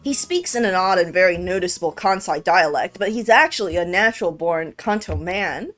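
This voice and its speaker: A woman's voice: on the low side, a little fast, fairly bright tone. A young woman streaming a visual novel, chatting casually, joking with slang and laughing often. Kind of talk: casual let's-play commentary, reading a visual novel aloud. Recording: faint music behind.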